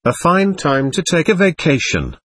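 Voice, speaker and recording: A man's voice: a little high, sing-song, moderate pace, fairly bright tone, breathy edge, no room sound, voice pushed up, full character voice. A man voicing a lazy, middle-aged male soldier who teases and sounds close to laughing. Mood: mocking. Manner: teasing, on the edge of laughter. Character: fiftyish male soldier, lazy, mocking, unhurried.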